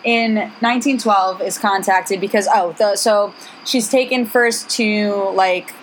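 A woman's voice: mid-range voice, steady tone, measured pace, a little hiss or hum, rough recording. A young woman co-hosting a podcast, telling a story in a rambling, giggly way with lots of fillers. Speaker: podcast co-host. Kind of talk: casual chat, storytelling.

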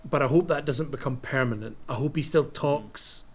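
A man's voice: medium pitch, moderate pace. A man co-hosting a casual podcast, hesitant and thinking aloud as he talks. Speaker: podcast co-host. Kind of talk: casual chat.

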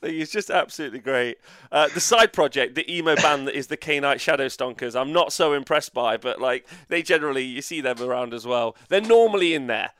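A man's voice: mid-range voice, lively intonation, a little fast, hardly any pauses, a bit bright, clear, resonant tone, dry recording. Brief: man co-hosting a gaming podcast, chatty, filler-heavy, dry close sound. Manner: chatty, filler-heavy, reads chat comments aloud. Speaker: podcast co-host. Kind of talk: casual chat.

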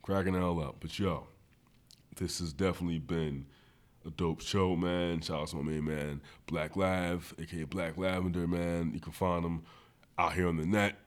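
Deep-voiced laid-back male podcast host. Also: steady tone, moderate pace. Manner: laid-back slang-heavy storytelling, gets high-pitched when laughing. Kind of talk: casual chat.

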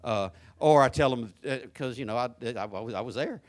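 This older man, a pastor with a Southern American accent, delivers his sermon briskly, climbing to shouts before falling back to soft, talky asides.

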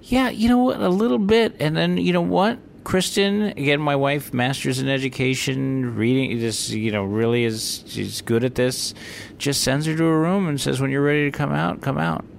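A man's voice: mid-range voice, moderate pace, gravelly, slight background noise. A man co-hosting a casual comedy podcast, laid-back, with short interjections and advice. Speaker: podcast co-host.

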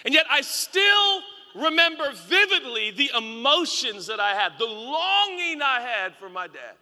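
High bright-voiced man preaching in a hall. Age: 30s. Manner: storytelling, playful asides to the congregation; swings from hushed to shouting. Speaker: pastor. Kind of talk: sermon. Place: large church auditorium. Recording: reverberant church hall.

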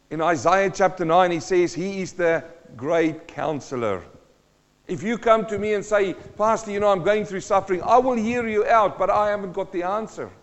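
High-voiced preacher in a reverberant hall. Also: male voice. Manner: emphatic preaching with repeated phrases and rhetorical questions. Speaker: pastor. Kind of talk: sermon. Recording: dull sound with long hall reverb.

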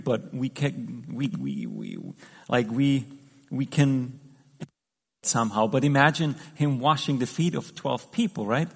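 A man giving a conversational sermon, talking through the scripture with frequent restarts and fillers. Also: medium pitch. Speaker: preacher. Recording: long hall reverb.

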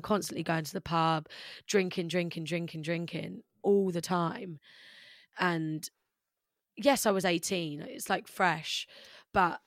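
A woman's voice: deep voice, no room sound, studio quality. A young British woman, a musician guest, talking openly and rambling about her life, with many "like"s. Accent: British English. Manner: open, rambling, says "like" often. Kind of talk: candid personal conversation.

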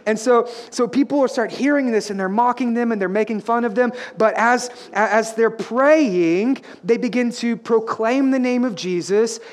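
A man preaching a sermon as a pastor, moving from joking, conversational asides to loud, shouted proclamation. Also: very high-pitched, moderate pace, few pauses. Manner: jokey, playful with the congregation.

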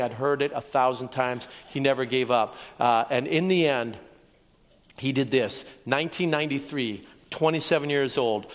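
A man from Oregon preaching his testimony to a live audience, storytelling earnestly with asides to the crowd. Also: fairly high pitch. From Oregon, USA. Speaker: evangelist preacher. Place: large hall with an audience. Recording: long reverb from a large hall.

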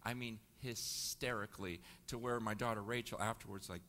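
Animated storyteller man in a reverberant hall. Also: mid-range voice, measured pace. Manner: animated storyteller, stammering restarts. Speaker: guest speaker. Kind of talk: storytelling sermon.

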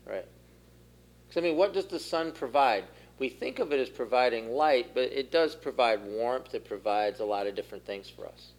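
A male pastor delivers a teaching sermon at a medium pitch. He keeps putting questions to the congregation and builds in force at his main points. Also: lively intonation, moderate pace. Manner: asks the room questions, rises in force for key points. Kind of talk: interactive sermon.

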